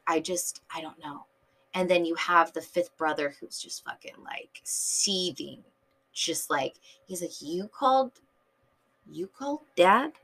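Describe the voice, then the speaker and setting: Female fan host, tired, chatty and rambling, with a bright edge to the voice. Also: on the low side, low-quality recording. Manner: rambling, filler-heavy, enthusiastic fan talk. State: tired, late at night. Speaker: podcast host reviewing a TV episode. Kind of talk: casual chat.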